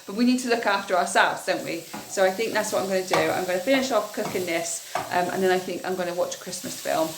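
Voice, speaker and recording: A woman's voice: on the low side, quick pace, few pauses, noisy background. A young adult woman, candidly chatting to camera in a casual vlog and often repeating herself. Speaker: vlogger.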